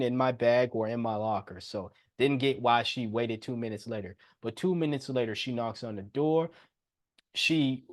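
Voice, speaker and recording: A young man hosting a podcast, telling a personal story in a casual, animated way and often laughing as he talks. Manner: animated, jumps into higher voice when quoting himself. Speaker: podcast host.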